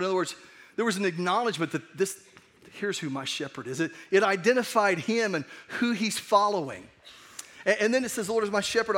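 A man's voice: sits high, a bit bright. A man preaching a sermon as pastor, conversational and earnest, often restarting his sentences. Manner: conversational, earnest, with frequent restarts and acted asides.

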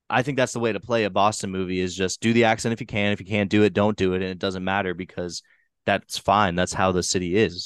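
A man's voice: sits low, smooth, dry recording, studio quality. A man with a New Hampshire accent, hosting a casual movie review podcast in a loose, rambling way with casual swearing. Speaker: podcast host.

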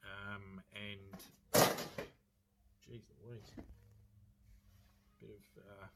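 A man's voice: on the low side, flat delivery, extremely slow, gravelly, very noisy. A man with an Australian accent reviewing a film in a chatty, rambling way with jokey asides.

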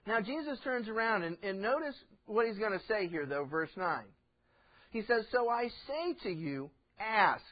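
A pastor preaching a sermon in a high, light man's voice. He tells folksy stories and slips into little acted voices. The sound is dull, like an old radio broadcast. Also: animated, normal speed.

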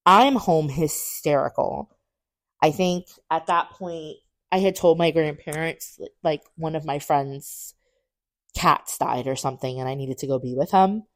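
A woman's voice: a little slow, dry recording, clean studio sound. A woman in her twenties, a podcast co-host, telling a personal story candidly and acting out quoted dialogue. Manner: animated, acts out quoted dialogue with big pitch jumps; candid, swears casually.

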